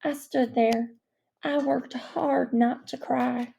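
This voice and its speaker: A woman narrating a children's novel aloud in a measured, expressive way. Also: high-pitched, vocal fry. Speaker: audiobook reader. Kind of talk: storybook narration.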